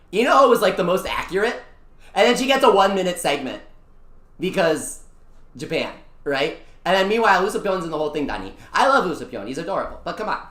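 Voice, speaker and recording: Excitable young-adult streamer, bright and bouncy pitch, roomy echoey sound; slangy live-stream chat. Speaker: VTuber streamer. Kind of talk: casual live-stream chat over a mobile gacha game. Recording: echoey room.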